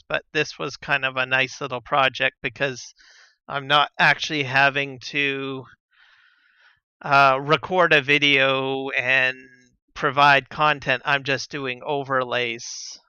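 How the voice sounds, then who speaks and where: A man chatting casually on a live gaming stream, relaxed and rambling with lots of fillers and soft chuckles, on a slightly dull lo-fi mic. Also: mid-range voice, slow, clean tone, no room sound. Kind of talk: casual live-stream chat while playing.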